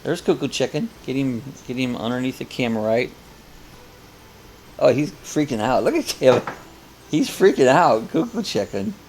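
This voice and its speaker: Gravelly older man hosting a chat. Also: mid-range voice, lively intonation, normal speed, darkish tone, a little hiss or hum. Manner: chatty, rambling, reads comments aloud. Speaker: host of a live coffee chat. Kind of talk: casual live-stream chat reading viewer comments.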